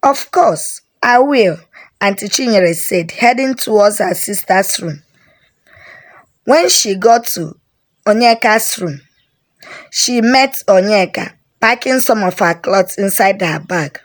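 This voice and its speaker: Slow woman storyteller. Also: medium pitch, expressive. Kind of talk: storytelling narration.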